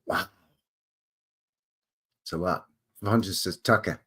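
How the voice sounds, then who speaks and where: This Canadian livestream host has a medium-pitched, animated voice and talks at normal speed. His casual chat with viewers wanders, and he often second-guesses himself aloud.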